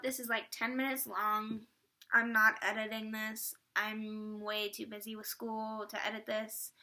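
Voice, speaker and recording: A bubbly teenage girl chats straight to her camera, rambling on with plenty of fillers. Her voice sits high and comes across bright and sharp. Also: level tone, measured pace. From Atlanta area, US Southern. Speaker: vlogger. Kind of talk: casual chat.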